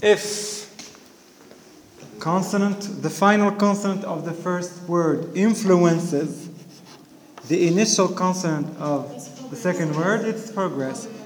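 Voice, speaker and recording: High-voiced teacher in a reverberant classroom. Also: male voice, a little hiss or hum. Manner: keeps checking understanding with "okay, guys? clear?"; explains slowly step by step, repeating key words. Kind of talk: classroom lecture. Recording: reverberant room.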